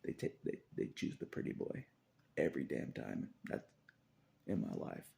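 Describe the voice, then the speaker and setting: A man's voice: a bass voice, sing-song, normal speed, creaky, warm tone. A man talking in a rambling, confessional monologue, repeating phrases and chuckling between thoughts.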